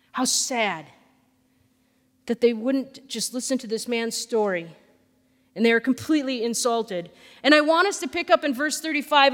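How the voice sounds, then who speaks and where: A woman pastor preaching a sermon, telling the story in an animated way and acting out the questions and quotes. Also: a little high, in a large hall. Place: church sanctuary.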